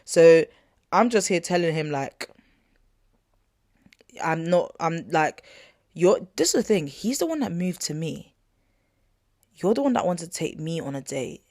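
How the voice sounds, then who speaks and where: A woman's voice: on the low side, animated, unhurried, long pauses, darkish tone, no room sound, studio quality. A young woman hosting a podcast, telling a personal story in a chatty, slangy way, full of asides and "not gonna lie" fillers. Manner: indignant, retelling an argument. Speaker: podcast host. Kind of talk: casual storytelling to listeners.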